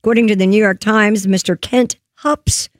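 A woman's voice: medium pitch, fairly even intonation, no room sound, studio quality. A woman reading light news items on a talk radio show and joking with the hosts. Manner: reads news items with quick asides. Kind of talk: casual news chat.

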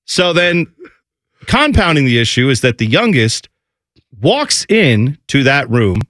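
A man in his thirties telling a lively family story in casual chat, acting out his kids' voices. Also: medium pitch, dry recording, studio quality. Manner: animated, acts out family voices.

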